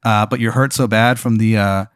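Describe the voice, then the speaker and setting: A man hosts a comedy podcast, improvising an absurd story with plenty of fillers. His voice is smooth and resonant. The sound is close and dry. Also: lowish voice, steady tone, moderate pace, no room sound. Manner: rambling, filler-heavy narration. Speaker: host.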